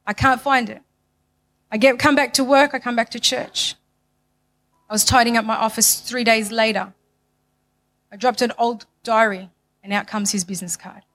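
A woman giving a passionate church testimony, emphatic and repetitive, swinging from loud to hushed. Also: fairly high pitch, steady tone, normal speed, pauses often.

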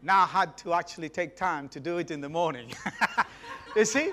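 A man's voice: a little high, normal speed. A middle-aged man from Mauritius, preaching a sermon as a guest and calling for responses from the congregation. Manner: animated, calls for audience responses.

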